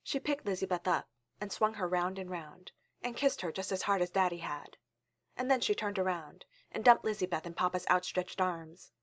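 A woman reads a story aloud in a calm, steady way. Her voice sits on the low side, and the recording is dry and close with no room sound. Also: normal speed, dry recording. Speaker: reader. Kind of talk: storybook reading.

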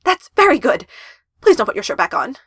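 A woman voicing a flustered, panicky young man who bursts out in loud, frantic exclamations. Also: lowish voice, lively intonation, moderate pace, no echo, studio quality, exaggerated voice.

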